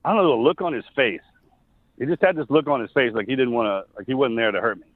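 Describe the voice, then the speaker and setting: Middle-aged man, halting, over a phone line. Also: mid-range voice, dry recording. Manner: earnest, halting, frequent restarts. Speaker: guest, former soldier. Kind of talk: recounting a personal story. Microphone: phone call. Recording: tinny phone line, dry.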